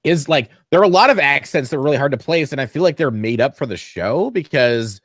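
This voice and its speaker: A man's voice: mid-range voice, animated, fast, a bit bright, no room sound, clean studio sound. A man co-hosting a TV podcast in casual chat, rambling with lots of fillers and swearing. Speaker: podcast co-host.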